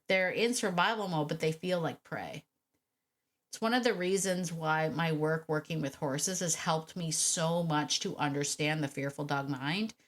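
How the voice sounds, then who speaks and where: Brief: woman dog-trainer host, slightly low voice, animated coaching talk, repeats points for emphasis. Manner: animated, repeats key phrases, acts out quick quoted thoughts; direct and encouraging, addresses listener as you. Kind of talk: solo podcast coaching talk.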